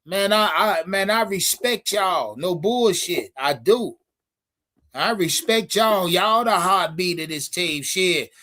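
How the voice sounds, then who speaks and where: A high-pitched man hosts a live sports stream. He talks casually and profanely, calling out to his chat in an animated way. His voice sits well above the usual range for a man. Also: slow pace.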